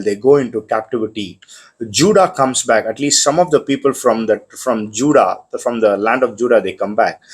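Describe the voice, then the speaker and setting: A man preaching a sermon, often restarting phrases and building to a fervent pitch. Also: breathy edge.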